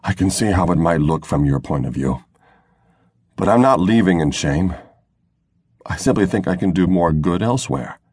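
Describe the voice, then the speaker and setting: A man's voice: deep voice, expressive, normal speed, long pauses, darkish tone, husky, no echo, studio quality. Man voicing a weary brooding governor. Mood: resigned. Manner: tired, resigned. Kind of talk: audiobook narration.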